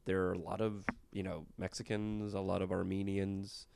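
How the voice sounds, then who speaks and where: A man's voice: low voice, level tone, normal speed, creaky, a little mellow, smooth, dry recording. A man hosting a comedy podcast, chatting casually and jokily with a guest. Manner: friendly, jokey, many fillers. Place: lives in Los Angeles.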